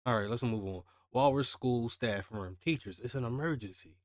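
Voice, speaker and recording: A man reading a comic chapter aloud and reacting to it, casual and excitable, his voice jumping up when he is surprised. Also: normal speed, no echo, clean studio sound. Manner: excitable, jumps high when surprised, laughs at himself. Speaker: manga reaction channel host.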